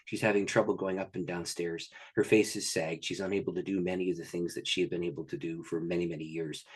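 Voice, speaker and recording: A pastor, a man, telling a story as a guest in an interview, in an animated and excited way. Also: low voice, fast, slightly rough.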